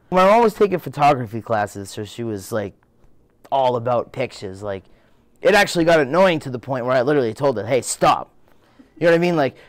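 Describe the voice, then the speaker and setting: This is a young man with a thick Boston accent, rambling through a story with constant "like" and "you know." His voice sits at an ordinary middle pitch. The recording is dry, with no room sound. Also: dry recording. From Boston area. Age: 20s. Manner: rambling, full of "like" and "you know", acts out his own lines. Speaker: interviewee. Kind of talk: casual storytelling.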